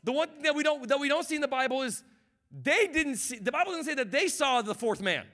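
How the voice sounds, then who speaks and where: High, bright-voiced preaching man. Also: animated, brisk. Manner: passionate preaching that builds to shouts; conversational, with repeated words and restarts. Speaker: guest pastor. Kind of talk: sermon.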